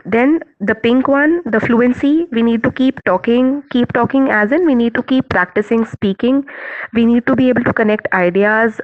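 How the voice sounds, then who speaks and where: A woman with an Indian accent giving an online teacher-training talk, measured and earnest, with many fillers and restarts. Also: fairly high pitch, no echo. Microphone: video call. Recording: dull lo-fi call audio.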